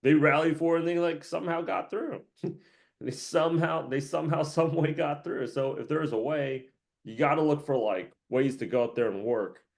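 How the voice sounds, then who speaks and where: A man's voice: on the high side, normal speed, vocal fry. A man hosting a casual career-coaching monologue, rambling, joking and laughing often.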